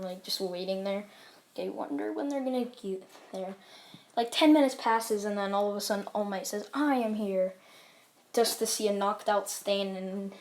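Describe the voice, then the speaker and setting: A woman's voice: medium pitch, darkish tone. Rambling casual woman storyteller. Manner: rambling, full of "like" and "um" fillers. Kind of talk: casual fan-fiction retelling.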